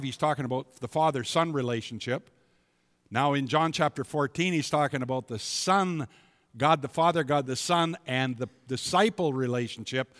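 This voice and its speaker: A man preaching a sermon in a church, emphatic and building to loud, declaiming passages. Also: a little high. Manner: emphatic, rising to loud proclamations. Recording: long hall reverb.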